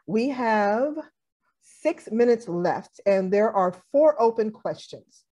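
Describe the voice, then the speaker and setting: A woman moderating a panel over a video call, speaking briskly and directly. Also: medium pitch, expressive, dark tone.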